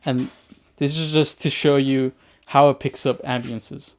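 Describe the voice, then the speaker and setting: A man's voice: medium pitch, little pitch movement, unhurried. A man hosting a filmmaking video, giving a loose, blunt, hands-on tutorial on recording gear, with casual swearing.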